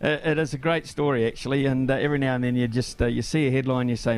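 Chatty New sports radio host. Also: male voice, mid-range voice, steady tone, quick pace, hardly any pauses, faint music behind. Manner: rambling, lots of uh fillers. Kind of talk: casual sports radio chat.

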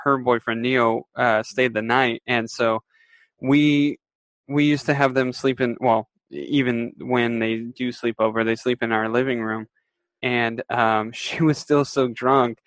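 A young adult man, a podcast co-host, telling a drinking story in casual chat, animated and laughing often. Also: mid-range voice, unhurried, no room sound.

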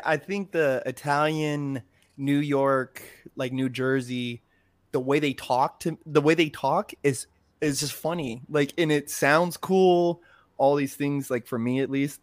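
A young man co-hosting a casual podcast, easygoing and joking as he talks. His voice sits slightly high for a man. The recording is dry and close to the mic. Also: dry recording. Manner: joking, relaxed, loose slang. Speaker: podcast co-host. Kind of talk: casual chat.

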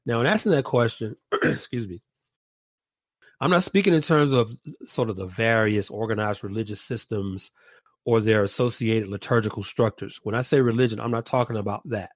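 A man leading a reflective podcast discussion, speaking deliberately and restating his points in several ways. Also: lowish voice, dry recording.

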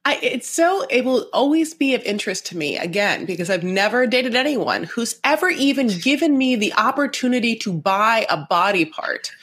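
A woman's voice: a little high, animated, moderate pace, few pauses, a bit bright, breathy edge. A woman co-hosting a casual reality TV podcast, wry and sarcastic, acting out other people's lines. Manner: wry, sarcastic, acts out quoted voices. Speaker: podcast co-host. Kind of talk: casual chat about reality TV.

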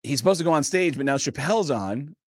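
A comedian guest in a podcast studio telling a long story in a lively, casual way, acting out the people in it. His voice sits a bit high and sounds dry and close. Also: fast talker, no room sound. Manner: lively, acts out voices, lots of fillers.

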